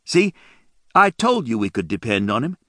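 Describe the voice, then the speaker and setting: A man's voice: mid-range voice, very animated, moderate pace, a bit bright, no echo, studio quality, voice pushed up. A man voicing a menacing young male drug dealer who drawls and taunts. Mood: mocking.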